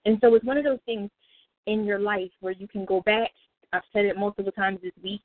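A woman's voice: mid-range voice, fairly even intonation, fairly quick. A woman leading a casual Bible study on a prayer call, chatty and laughing easily. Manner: chatty, laughs often, self-interrupting. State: out of breath. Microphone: phone call. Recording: tinny phone line.

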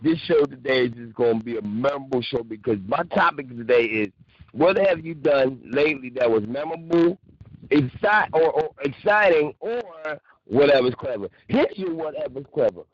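A man hosting a call-in radio show, talking loudly and excitedly, laughing and shouting often. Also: medium pitch, moderate pace, highs cut off.

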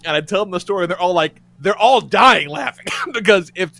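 A man co-hosting a podcast, telling a story in a loud, profane way and laughing as he goes. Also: sits high, expressive, brisk, creaky. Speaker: podcast co-host. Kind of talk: casual storytelling chat.

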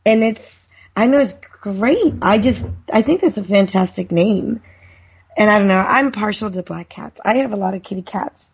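Chatty female podcast guest, slightly husky, muffled lo-fi sound. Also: medium pitch, expressive, normal speed. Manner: chatty, warm storyteller. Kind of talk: casual podcast chat. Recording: muffled lo-fi call.

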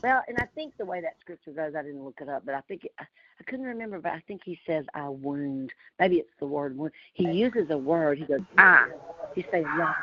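On a casual group call, a Southern woman from Louisiana tells stories in a chatty, animated way, laughing often. Her voice is low-pitched and brisk, and the remote call audio sounds muffled, with a little hiss or hum.

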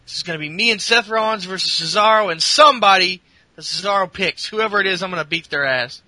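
A raging, foul-mouthed wrestler, as a man acts him out, spitting threats in a high, strained voice. The sound is bright and dry, close to the mic. He races through his threats. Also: dry recording. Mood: threatening. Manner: angry, swearing, rapid threats. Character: furious male wrestler storming off, foul-mouthed.

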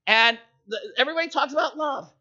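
A man's voice: very high-pitched, fast, sharp tone, highs cut off. A man preaching a sermon in a conversational way, telling jokes and stories and checking in with his listeners. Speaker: pastor.

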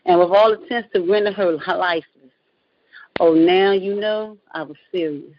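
A woman's voice: lowish voice, moderate pace, slight background noise. A woman performing spoken word poetry with an intense, confrontational delivery as a guest poet. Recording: muffled lo-fi call audio.

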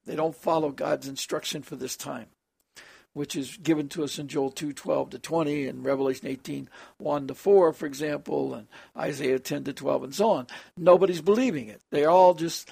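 Male preacher-host, high gravelly voice, earnest verse-by-verse teaching, dry close sound. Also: fairly even intonation, normal speed, warm tone, no room sound. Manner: earnest, explains scripture line by line. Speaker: preacher hosting a call-in program. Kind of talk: evening scripture teaching.

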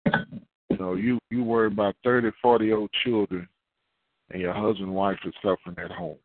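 A man preaching a sermon as a pastor, animated and acting out little dialogues, with repeated words. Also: lowish voice, normal speed, no echo. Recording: tinny phone-like line.

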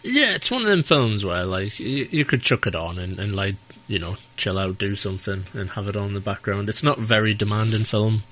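A man, co-hosting a podcast in relaxed, rambling chat full of "like" and "um". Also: fairly low pitch, a little fast, hardly any pauses. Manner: laid-back and rambling, heavy use of "like" and "um". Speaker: podcast co-host. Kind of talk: casual chat.

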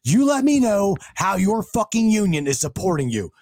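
A high-pitched man talking with a very lively, bouncing voice. He gets worked up, swears freely and keeps restarting his sentences, recorded close and dry. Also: moderate pace, dry recording. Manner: excitable, swears a lot, stumbles and restarts. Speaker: beer hauler, union truck driver. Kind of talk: casual chat.

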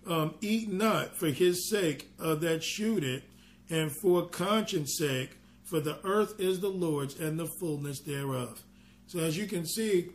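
A man ministering a sermon, reading scripture slowly and then explaining it in an earnest, conversational way with personal asides. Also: a little high, darkish tone. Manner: reads scripture slowly in King James wording.

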